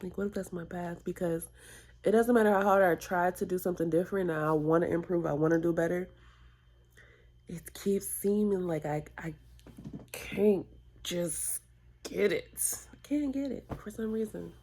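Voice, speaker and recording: A tearful woman vlogging a personal confession, halting and reflective, with sighs and whispered asides. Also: on the low side, a little mellow, slight background noise. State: tearful, close to crying.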